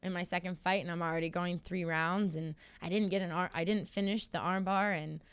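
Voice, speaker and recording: A young woman speaks in a smooth, resonant voice pitched a little low, telling her story with open candor. The studio sound is dry and close, and she bounces into quick impressions of people she quotes. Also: no echo. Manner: candid, animated storytelling, acts out quotes. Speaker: guest fighter. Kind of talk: casual interview chat.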